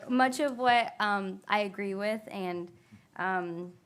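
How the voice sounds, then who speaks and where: A woman's voice: mid-range voice, takes it slowly, smooth. A woman speaking nervously and hesitantly at a council meeting's public comment.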